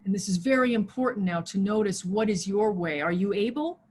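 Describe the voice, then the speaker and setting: A woman pastor preaching a sermon over a video call, swinging from loud, soaring exhortation to a hushed prayer voice. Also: medium pitch, expressive, fairly quick, breathy edge. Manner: impassioned, rises loud then drops to hushed prayer. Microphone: video call mic.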